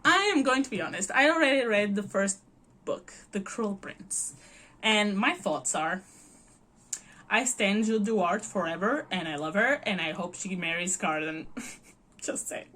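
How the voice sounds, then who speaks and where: A woman's voice: medium pitch, expressive, unhurried, fairly bright tone. A Portuguese woman in her early twenties, a native Portuguese speaker, chatting casually and gushing with giggles as a book vlogger. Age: early 20s. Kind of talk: casual chat.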